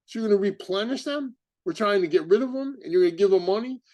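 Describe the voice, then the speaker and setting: Fired-up man ranting, high voice. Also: lively intonation, highs cut off. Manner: heated, indignant, rapid rhetorical questions. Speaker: podcast host. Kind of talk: impassioned commentary.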